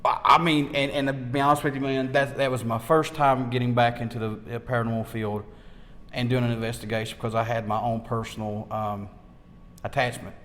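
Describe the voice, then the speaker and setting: A man tells his ghost-hunting stories with mounting excitement, tripping over repeated words. He is the interviewer in a casual chat. A long reverb trails behind his voice in the room. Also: mid-range voice, brisk, a little hiss or hum.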